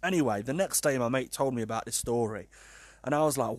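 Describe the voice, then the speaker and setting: A British man in his thirties tells a personal story in a loose, rambling, self-deprecating way, dotted with fillers and asides. His pitch sits in a middling range, and the recording is close and dry with no room sound. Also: quick pace, no echo. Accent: British English.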